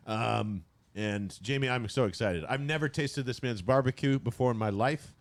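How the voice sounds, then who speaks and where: Excitable, swearing male podcast host. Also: mid-range voice, unhurried. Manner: animated, excitable, swears freely. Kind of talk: casual sports chat.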